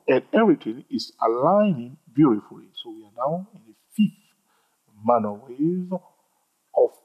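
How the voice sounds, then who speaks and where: A man with a husky voice teaching a trading chart tutorial, animated, repeating himself and joking with viewers. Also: mid-range voice, highs cut off. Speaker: trading instructor. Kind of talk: screen-recorded chart tutorial.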